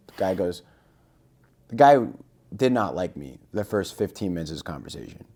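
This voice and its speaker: A man's voice: low-pitched, a little fast. A man on a podcast as a guest, telling a casual story and acting out the dialogue. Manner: lively anecdote-telling, acting out quoted dialogue.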